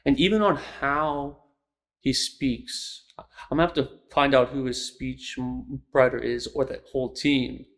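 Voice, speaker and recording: A young man hosting a lecture series, giving thoughtful, analytical commentary in a casual spoken style with pauses between phrases. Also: mid-range voice, steady tone, fairly bright tone. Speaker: host of a speech lecture series.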